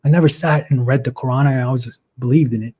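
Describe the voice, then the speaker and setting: A man's voice: mid-range voice, fairly even intonation, quick pace, darkish tone, slightly rough. A man in his twenties on a video call, telling his story earnestly and with emotion in a casual livestream chat. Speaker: guest.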